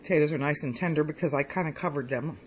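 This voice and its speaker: A woman's voice: deep voice, quick pace, dull audio, slight background noise. A woman chatting casually in a home cooking vlog. She rambles as she tastes her food, with lots of pleased mm's. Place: home kitchen.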